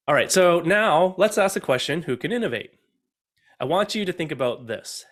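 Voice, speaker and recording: A man's voice: on the high side, expressive, normal speed, fairly bright tone. Middle-aged male speaker, upbeat online talk, speaks straight to listeners. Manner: upbeat, addresses listeners directly with questions. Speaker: innovation speaker.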